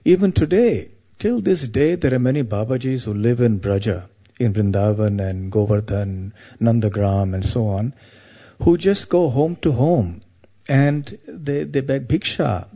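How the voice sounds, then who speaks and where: Warm, husky man telling a devotional story. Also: mid-range voice, expressive, a little slow. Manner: meandering, anecdotal, frequent "you know".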